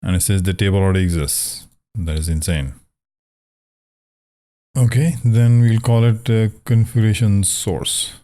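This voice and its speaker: A man with a very low voice walks through code in a casual screen-share lesson. He thinks aloud as he goes, correcting himself often, with a wry, joking manner. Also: measured pace, warm tone. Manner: wry, joking about pronunciation. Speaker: programming tutor.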